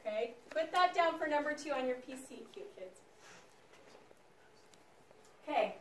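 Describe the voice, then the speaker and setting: A woman teacher lecturing her class in an animated, chatty way, speaking straight to the students. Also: high voice, a little fast, a little hiss or hum. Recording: echoey classroom, mic far off.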